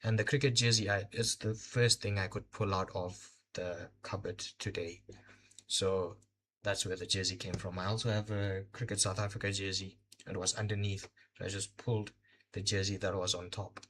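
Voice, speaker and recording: A man's voice: deep voice, flat delivery, normal speed, fairly bright tone, a little hiss or hum. A tired young man from Botswana hosting a casual live race recap, hesitant and full of fillers as he fumbles for words. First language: Indian heritage, speaks Hindi. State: tired, short on sleep. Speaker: host of a live race watch-along.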